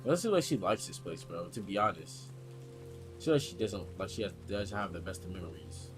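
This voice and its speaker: Man gaming, casual chatter, fairly low voice, music playing. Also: animated, a little fast. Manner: chatty, reacting aloud. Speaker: gamer playing through a story game. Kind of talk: casual let's-play commentary. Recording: background music.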